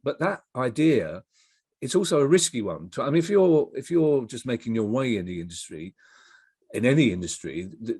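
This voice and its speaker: In a clean, echo-free studio recording, a middle-aged man who writes comedy chats as an interview guest. His mid-range voice is a little mellow and slightly rough, and he rambles through stories, often breaking off and restarting.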